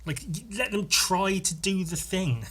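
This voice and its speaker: A man's voice: high-pitched, expressive, measured pace, pushed and bright, husky. A man from Scotland hosting a podcast, riffing in a profane, self-mocking, rambling comic monologue. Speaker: podcast host. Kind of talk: casual comedic monologue.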